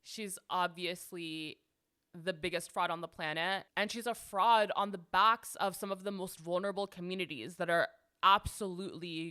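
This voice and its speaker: A woman's voice: fairly low pitch, pushed and bright, smooth. A young woman hosting a casual commentary show, talking sarcastically and chattily with lots of "like.". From United States. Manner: sassy, sarcastic, chatty with frequent "like". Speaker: podcast host.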